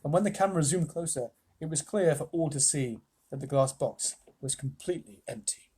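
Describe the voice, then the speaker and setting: A man reading a children's book aloud on a live stream, expressive, with chatty asides. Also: a little high, fairly quick, slightly rough. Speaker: storyteller.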